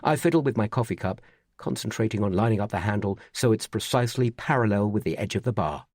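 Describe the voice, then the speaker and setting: A man reading a first-person thriller audiobook in an even, measured way. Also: on the low side, no room sound, clean studio sound. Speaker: audiobook narrator.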